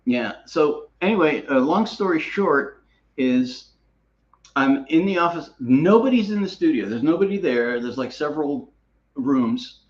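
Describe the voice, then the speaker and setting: A man's voice: on the high side, expressive, unhurried, lo-fi sound. A man co-hosting a casual chat, rambling through stories and laughing often. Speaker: co-host.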